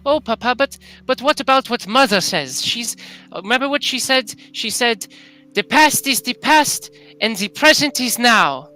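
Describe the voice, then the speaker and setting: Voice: animated, moderate pace, bright, forceful tone. A player voicing an eager little girl, a digital sprite who is the daughter of their character, in a tabletop role-play. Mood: gentle. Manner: high, eager, childlike.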